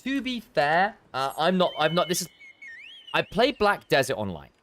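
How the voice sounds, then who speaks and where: Brief: male game streamer, casual rambling commentary, very animated intonation. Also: fairly high pitch, moderate pace, slight background noise. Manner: rambling, chatty, self-interrupting. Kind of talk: let's play commentary.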